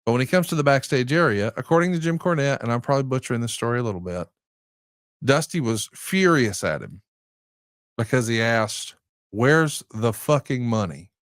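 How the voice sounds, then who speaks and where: A man co-hosting a casual podcast, telling stories in an animated way and setting up questions. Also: mid-range voice, fairly quick, no room sound, studio quality. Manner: animated storyteller who sets up questions. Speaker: podcast co-host.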